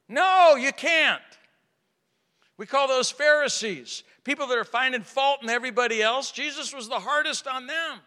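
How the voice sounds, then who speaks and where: A man preaching a sermon to a live audience, asking rhetorical questions and swinging from hushed to loud. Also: very high voice, animated, moderate pace. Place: large hall with an audience. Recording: reverberant hall.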